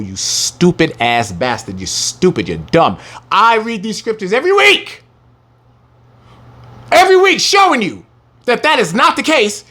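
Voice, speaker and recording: A man delivers a scripture lesson in a fairly high voice that leaps up and down. He mocks his listeners bluntly, swears freely, and slows right down to stress each word of the verses he reads. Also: a bit bright. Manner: brash and profane, taunting the listeners; reads verses slowly with heavy emphasis. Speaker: scripture teacher.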